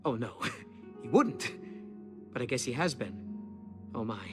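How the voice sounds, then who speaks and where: A man's voice: mid-range voice, animated, unhurried, natural voice. An actor playing an anxious, remorseful male merchant in a video game, apologizing at length. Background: faint game music.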